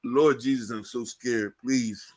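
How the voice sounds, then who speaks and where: A man hosting a casual talk show, joking and animated, playing up mock fear. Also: mid-range voice, unhurried. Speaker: show host.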